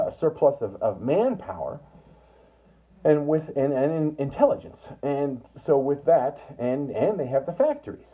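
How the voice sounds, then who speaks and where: A man's voice: mid-range voice, breathy edge. A man delivering a profane, heated political rant full of stammering restarts. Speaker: political commentator. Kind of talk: ranting monologue. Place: US Northwest. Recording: tinny phone-like sound.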